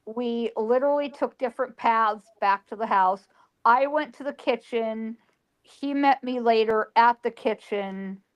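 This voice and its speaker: A woman psychic, telling an emotional past-life story and quoting the people in it. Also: fairly high pitch. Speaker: psychic guest.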